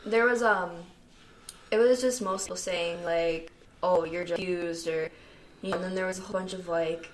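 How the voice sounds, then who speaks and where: A woman's voice: on the low side, fairly even intonation, moderate pace, a little hiss or hum. A young adult woman co-hosting a casual talk podcast, speaking frankly and chattily, with lots of "like" and "I mean". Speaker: co-host.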